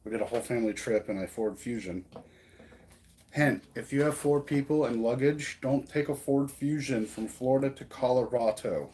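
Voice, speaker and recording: A man's voice: medium pitch, moderate pace, dark tone. A man with an American accent, hosting a stream and talking in a rambling, casual way with lots of fillers. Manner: rambling, filler-heavy, chatty. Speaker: streamer host. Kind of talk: casual chat.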